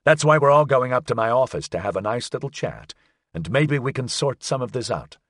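A man's voice: medium pitch, expressive, a little fast, a bit bright, dry recording. A man voicing a dry, sardonic private detective. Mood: wry. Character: wry unflappable male private detective.

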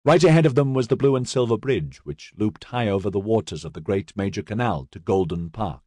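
With a lowish voice, a man narrates an audiobook from a script, reading in a measured and expressive manner. The studio audio is clean, with no room sound at all.

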